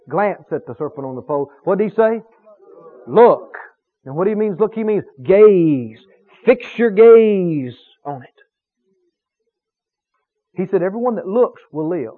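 A man preaching a sermon, emphatic and animated, stretching key words for effect. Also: sits high. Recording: tinny phone-like radio broadcast.

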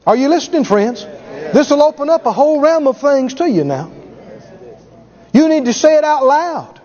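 A man preaching a sermon with emphatic delivery, acting out quoted voices and rising to shouts. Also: very high voice, big pitch swings, normal speed. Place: large church hall. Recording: lo-fi hall recording with audience. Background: congregation.

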